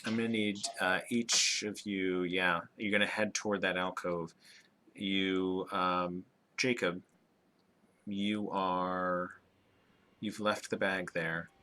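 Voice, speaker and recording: A man narrating as game master, hesitant with fillers and slowing down for dramatic description. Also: sits low, level tone, pushed and bright, a little hiss or hum.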